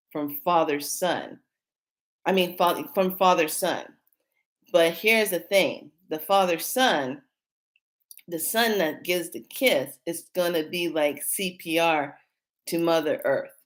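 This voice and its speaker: A woman with a slightly low-pitched voice talks straight to her viewers in a casual spiritual vlog. She rambles and restarts her sentences often, then gets excited and hurried as the story builds. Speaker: spiritual channel host.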